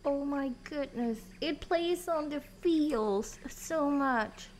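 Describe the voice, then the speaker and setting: A woman's voice: sits high, slow, slight background noise. A woman streaming a video game live, commenting jokily and slipping into nervous whispers. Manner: jittery, joking, drops into fake-scared whispers.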